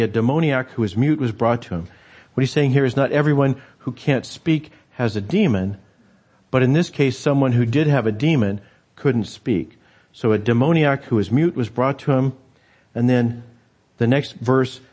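A male pastor giving a conversational sermon, halting often with fillers and restarts. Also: medium pitch, a little mellow, slightly rough.

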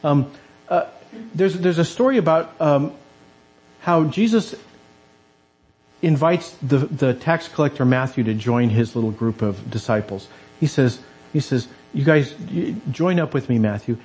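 A man's voice: medium pitch, a little slow, darkish tone, poor audio. A man preaching a conversational sermon in a church, acting out the quoted voices as he goes.

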